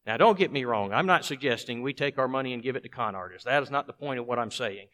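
A man's voice: mid-range voice, fast talker, fairly bright tone. A man preaching a sermon with emphasis, putting rhetorical questions to his congregation.

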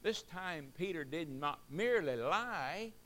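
A man's voice: a little high, lively intonation, unhurried, fairly bright tone. A man preaching a sermon, repeating key phrases for emphasis and asking the congregation rhetorical questions.

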